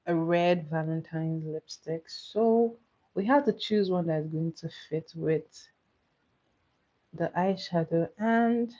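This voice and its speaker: A woman talks casually as she does her makeup on a livestream, answering viewers and calling out playful votes. Her voice sits a little low and dark, and she speaks slowly. The sound is dull and lo-fi. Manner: chatty, reads and answers viewer comments, runs playful votes. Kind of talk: casual livestream chat while doing makeup.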